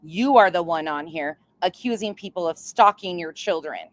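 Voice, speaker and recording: A woman's voice: fairly low pitch, moderate pace. A woman hosting a reaction commentary channel, blunt and sarcastic, swearing freely as she calls out the clip.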